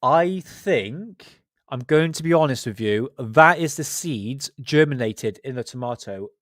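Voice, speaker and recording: A man's voice: medium pitch, expressive, measured pace, fairly bright tone, no room sound. Male streamer, West Country accent, casual self-mocking banter, dry sound. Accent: West Country English. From Southwest England. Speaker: livestream host. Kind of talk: casual livestream chat.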